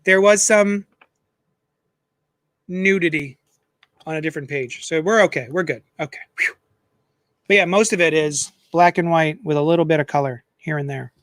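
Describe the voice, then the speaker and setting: A man with a fairly high voice hosts a live comic unboxing, chatting animatedly and poking fun at himself. His desk microphone picks him up close and dry, with little room sound. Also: normal speed, long pauses, dry recording. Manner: chatty, animated, self-mocking asides. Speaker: comic shop host.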